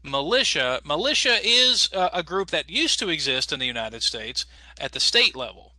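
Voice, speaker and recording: A man teaching an English as a second language class over a video call, explaining patiently and slowly with lots of fillers. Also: on the high side, big pitch swings, sharp tone, dry recording. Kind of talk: online class instruction.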